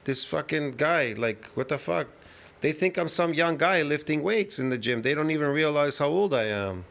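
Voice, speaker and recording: A man's voice: on the high side, lively intonation, normal speed, gravelly, a bit bright. A man doing a mocking impression of a boastful, arrogant aging gym guru who brags in an exaggerated way.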